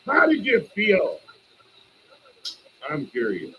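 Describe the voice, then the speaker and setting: A man hosting a live stream and reviewing a wrestling show, casual, opinionated and profane, with bursts of excited ranting. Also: slow, muffled recording, background noise. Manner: animated, swings up into high excited bursts while ranting.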